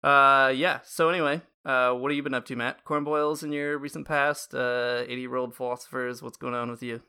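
A man co-hosting a podcast, mid-pitched and bright, with a forceful ring to his voice. He chats casually and throws in dry, quick jokes. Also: fairly even intonation, clear, resonant tone. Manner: wry, quick quips and frequent laughter. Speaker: podcast co-host. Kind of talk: casual chat.

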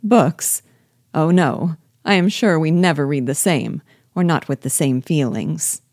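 A woman's voice: low voice, a little mellow, no echo, clean studio sound. A woman reading a witty, teasing young lady. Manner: quick, teasing and pointed.

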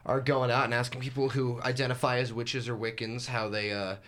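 Young man, radio host, bright voice, halting, repeats himself, casual studio chat. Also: mid-range voice, flat delivery. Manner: halting, many restarts.

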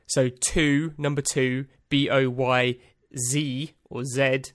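A man's voice: mid-range voice, level tone, slow, fairly bright tone, dry recording. A man hosting a podcast, reading out a list in a rambling, dry, self-amused way with lots of ums and uhs. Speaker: podcast host. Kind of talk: casual solo podcast monologue.

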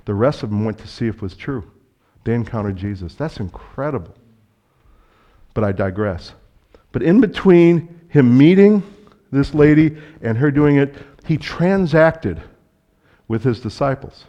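A man preaching a sermon as a pastor, telling stories in a conversational way and acting out dialogue with sudden loud bursts. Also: medium pitch, lively intonation, a little slow, muffled recording. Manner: conversational, speaks directly to the congregation.

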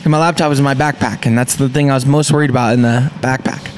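A young man who owns a small business, excitedly telling a story and acting out the quotes. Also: medium pitch, fast, slight background noise. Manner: excitable, acts out quotes in a rush. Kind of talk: animated storytelling.

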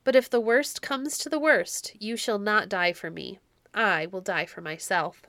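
A humble abbot pleads anxiously, as a woman reader puts him on, in a bright, tense voice. The recording is close and dry. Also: medium pitch, a little slow, dry recording. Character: frightened, humble male abbot. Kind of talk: audiobook reading.

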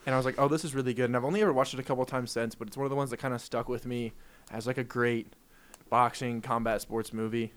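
A man's voice: mid-range voice, fairly even intonation, quick pace. A young man co-hosting a sports podcast, chatting casually and playfully and laughing often. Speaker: podcast co-host. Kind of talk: casual chat.

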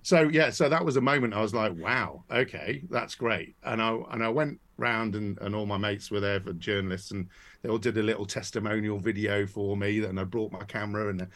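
A man, a podcast guest, telling his career story in a relaxed, rambling way with many fillers and restarts. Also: lowish voice, brisk. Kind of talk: casual interview storytelling.

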